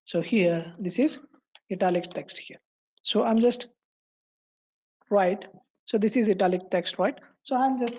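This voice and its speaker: A woman walking through a coding tutorial, pausing and repeating phrases as she types. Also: medium pitch, dark tone, lo-fi sound. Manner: halting, repeats phrases while typing. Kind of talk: screen-recorded coding tutorial.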